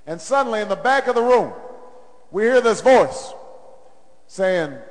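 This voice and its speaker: A man's voice: high voice, animated, measured pace. A middle-aged man, a presidential candidate, giving a campaign rally speech. He tells a story that builds into call-and-response chanting. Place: large indoor arena. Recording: long reverb of a large arena.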